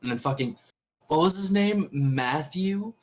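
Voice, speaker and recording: A man's voice: fairly high pitch, lively intonation, a little slow, low-quality recording. Blunt, swearing young guy. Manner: blunt and profane. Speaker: podcast co-host. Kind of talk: casual chat.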